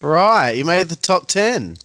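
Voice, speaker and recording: A man's voice: fairly high pitch, very animated, slow, a crowd in the background. A man hosting a podcast interview, easygoing, laughing along and adding short replies. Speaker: podcast host. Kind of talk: casual interview.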